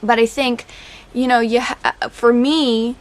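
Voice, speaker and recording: A woman, talking candidly as a podcast host, chatty and laughing through dark jokes. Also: on the high side, steady tone, takes it slowly. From Oklahoma. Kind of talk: casual personal talk.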